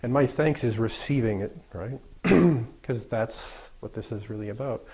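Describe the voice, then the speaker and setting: A man's voice: medium pitch, unhurried, warm tone, breathy edge. Playful middle-aged man teaching a group. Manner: playful, joking, laughs often; loose and conversational with many fillers. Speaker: Daoist teacher. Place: room with a live group. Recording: dull lo-fi recording.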